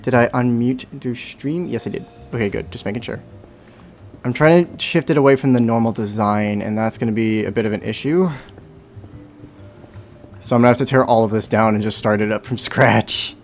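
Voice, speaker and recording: A man's voice: medium pitch, moderate pace, faint music behind. Rambling young man streaming a game. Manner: rambling, self-talk with hums and sound effects. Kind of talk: casual livestream chat while playing.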